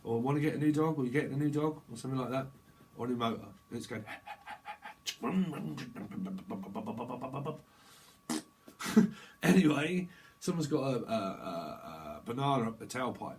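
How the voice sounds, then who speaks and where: A man's voice: medium pitch, lively intonation, fast, rough recording. Rambling, swearing tarot reader, man. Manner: rambling, swearing, laughing often, slangy. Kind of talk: casual tarot reading monologue.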